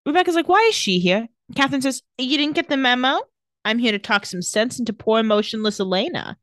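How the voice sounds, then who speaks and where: A woman's voice: a little high, lively intonation, fast talker, fairly bright tone, no echo, studio quality. A woman in casual chat, recapping TV scenes and acting out the characters' lines. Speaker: podcast co-host recapping a TV episode.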